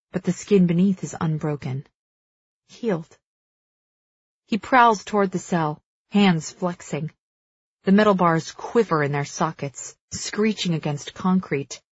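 A woman narrating dramatic first-person fiction as an audiobook reader, measured and slowing for tense moments. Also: lowish voice, no room sound, muffled recording.

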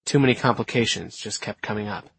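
A man reading a first-person story aloud in a steady, measured way. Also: on the low side, vocal fry, slightly rough, no room sound. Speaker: audiobook narrator. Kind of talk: first-person scripted narration.

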